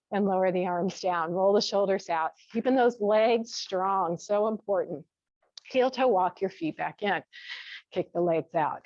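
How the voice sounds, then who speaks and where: A woman teaching a gentle yoga class, cueing each step with relaxed, chatty asides. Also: medium pitch, a little slow, no room sound. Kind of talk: guided yoga class instruction. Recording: dull, dry lo-fi sound.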